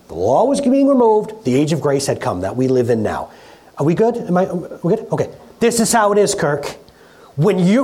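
A middle-aged pastor preaching in a relaxed, conversational way in a church, often repeating words and laughing at themself. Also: mid-range voice, moderate pace. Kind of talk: conversational sermon. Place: church hall.

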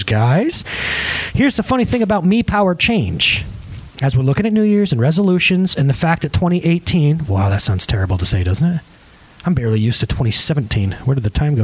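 Animated joking man preaching a sermon. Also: slightly rough, no room sound. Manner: animated, joking, swings between high and low pitch. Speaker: pastor.

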